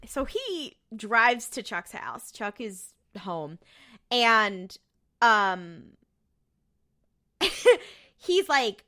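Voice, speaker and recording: A woman co-hosting a podcast, casually recapping a TV episode in an animated way and acting out the characters' lines. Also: mid-range voice, slow pace. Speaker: podcast co-host.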